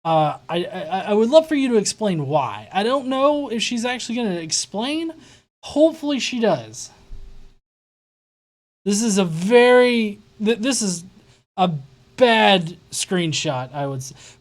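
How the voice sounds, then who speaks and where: Woman, sarcastic live-stream host, incredulous, mid pitch. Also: very animated, measured pace. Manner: sarcastic, incredulous, swears and laughs. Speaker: reaction show host. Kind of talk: mocking live-stream commentary.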